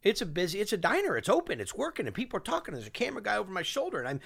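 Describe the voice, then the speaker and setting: A man, a chef and TV host, speaking as a guest in an interview and telling stories in a lively way, acting out other people's lines. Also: high voice, racing, vocal fry, husky. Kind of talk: animated storytelling.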